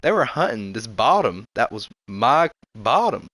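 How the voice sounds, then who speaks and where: A man's voice: medium pitch, slight background noise. A young man, casually telling hunting stories with frequent laughs and restarts. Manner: animated, laughs often, quick restarts. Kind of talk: casual storytelling.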